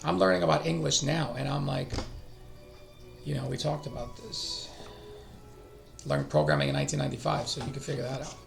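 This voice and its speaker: A man's voice: a little high, expressive, brisk, gravelly, long pauses, soft background music. A middle-aged man hosting a language-learning stream, talking casually and thinking aloud, often trailing off and restarting. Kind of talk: casual live-stream talk.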